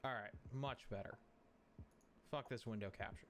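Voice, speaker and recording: A man's voice: mid-range voice, moderate pace, slight background noise. Casual swearing male streamer. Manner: thinks aloud, swears casually, apologetic. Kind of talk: casual live-stream chat. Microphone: streaming mic through an audio mixer.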